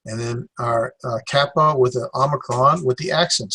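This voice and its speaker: A man teaching a Greek class in a classroom lecture, halting with many fillers as he sounds out syllables slowly. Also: mid-range voice, fairly even intonation, sharp tone, breathy edge.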